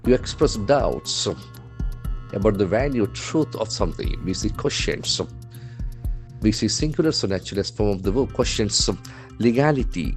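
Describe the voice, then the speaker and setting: A man with an Indian English accent teaching English words from a newspaper, spelling them out letter by letter and repeating each word slowly. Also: fairly low pitch, expressive, faint music behind. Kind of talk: newspaper vocabulary lesson.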